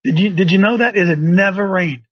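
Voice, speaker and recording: A man's voice: sits high, brisk, no room sound, highs cut off. A man preaching a sermon in a folksy, emphatic way. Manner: folksy, emphatic, acts out quoted voices.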